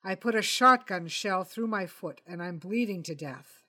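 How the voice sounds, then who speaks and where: A man's voice: high-pitched, expressive, normal speed, pushed and bright, heavily acted. A woman voicing a fussy, self-important male crime writer who talks in a pompous, exasperated way.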